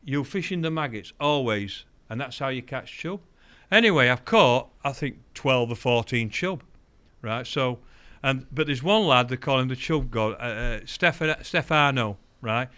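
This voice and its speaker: An older man, a guest telling fishing stories in an animated way, acting out the voices of the people he quotes. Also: medium pitch, measured pace, few pauses, clean tone. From England. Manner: animated, acts out quoted voices, laughs often. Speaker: guest, angling champion. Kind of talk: anecdotal storytelling.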